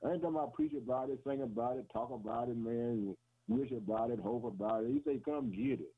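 A man's voice: medium pitch, fast talker, slightly rough. A man preaching a sermon on the radio in a rhythmic, repetitive way, often calling his listeners "boy" and "man" and chuckling between phrases. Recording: tinny phone-like radio broadcast.

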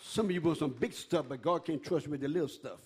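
An older man preaching a sermon in call-and-response style, dropping to a hush and then rising to a shout. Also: on the high side, fast, slight background noise.

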